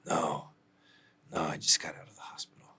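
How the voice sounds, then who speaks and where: Man doing a sly male client who fakes being hurt, in a breathy, pitiful whisper, low and quiet. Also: completely flat delivery, normal speed, full character voice. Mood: feeble. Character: whiny middle-aged male client faking injury.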